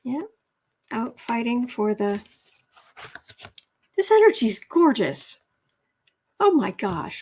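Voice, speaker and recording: Woman doing a tarot livestream from home, kinda high voice, chatty, says she's sweating. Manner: chatty, reads viewer comments aloud, stumbles and restarts. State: overheated and sweaty. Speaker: tarot reader and livestream host. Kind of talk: casual live-stream chat. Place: indoor room at home.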